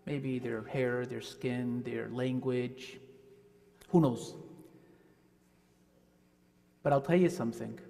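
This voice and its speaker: A man from New Jersey speaks to children as a guest imam in a worship service. His mid-pitched voice has a gravelly edge, and he talks to them in a relaxed, friendly way. His voice echoes through the church with a long reverb. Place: church sanctuary.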